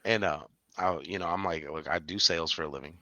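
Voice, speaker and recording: A man with a low, deep voice that still comes through bright and forceful. He co-hosts a podcast and chats casually, telling stories animatedly with sudden high-pitched laughing bursts. The sound is dry and close. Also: quick pace, dry recording, lo-fi sound. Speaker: podcast co-host. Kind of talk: casual chat.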